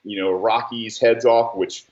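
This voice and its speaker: A man's voice: mid-range voice, fairly even intonation, moderate pace, a little mellow. A man in his thirties hosting a podcast, talking casually in heated, profane stories. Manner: heated, profane storytelling with exaggerated quotes. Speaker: podcast host, military veteran. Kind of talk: casual chat. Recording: roomy, distant, dull-sounding mic.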